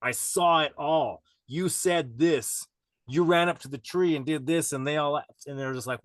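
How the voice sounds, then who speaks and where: A man's voice: on the high side, normal speed, no echo. Rambling, profane bearded podcast guest man. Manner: rambling, profane, laughs often. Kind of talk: casual storytelling chat.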